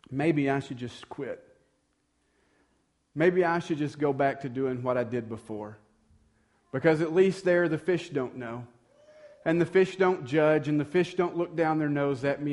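A man's voice: a little high, natural voice. A man preaching voices a grown male fisherman disciple who condemns himself in a pleading inner monologue.

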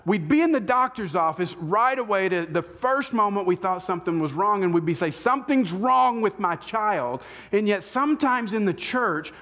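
A man delivering a conversational sermon, his voice sitting a bit higher than most men's. He slips into quick, lively voices for the people in his story. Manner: acts out Bible figures in quick voices, conversational. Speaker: pastor.

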